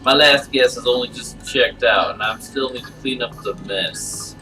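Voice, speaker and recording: A man reading aloud and voicing a creepy, hunched male butcher who runs an inn, speaking with a lisp and drawn-out, falsely innocent emphasis. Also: mid-range voice, distant mic, music in the background, lightly acted, low-quality recording. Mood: sly.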